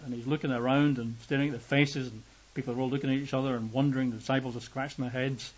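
A man's voice: fast, darkish tone, breathy edge, dull audio. A man preaching a sermon, reading scripture and explaining it conversationally, acting out the quoted voices. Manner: conversational, acts out quoted voices with rising pitch.

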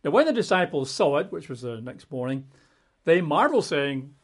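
A man's voice: a little high, big pitch swings, fairly quick, breathy edge. A man preaching a Bible-teaching sermon in a conversational way, leaning hard on key words. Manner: conversational, emphatic on key words, plays out quotes.

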